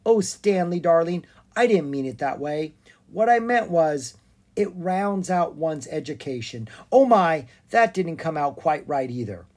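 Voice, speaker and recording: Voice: medium pitch, lively intonation, unhurried, a little mellow, pitched above the performer's own voice. A storybook reader voicing a flustered, proper mother. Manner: fussy, proper. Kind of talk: storybook read-aloud.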